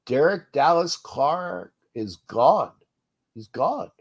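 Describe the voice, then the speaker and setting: A man hosting a sports fan talk show with a stuffed-up nose, rambling and restarting, his level swinging from low mutters to loud bursts. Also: very animated, slow pace, breathy edge, dull audio. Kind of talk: uncensored fan rant show.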